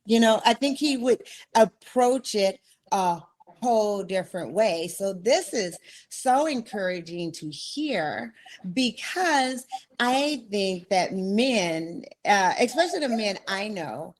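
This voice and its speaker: A woman's voice: medium pitch, lively intonation, slow. A woman hosting a podcast interview, enthusiastic and acting out conversations with her husband. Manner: enthusiastic, acts out quotes. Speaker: podcast host.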